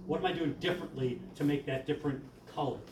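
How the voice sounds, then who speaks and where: A man runs a choir rehearsal, explaining articulation and singing phrases to show the choir what he wants. His voice sits fairly high for a man. It comes from a distance in an echoey room with music in the background. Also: noisy background. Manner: explains briskly, then sings lines to demonstrate. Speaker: choir director.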